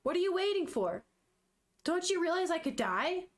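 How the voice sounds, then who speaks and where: A woman's voice: extremely high pitch, very animated, moderate pace, voice pushed up. A woman voicing a sick, demanding mother as she reads a manga scene aloud in a raised, pushy voice. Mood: impatient.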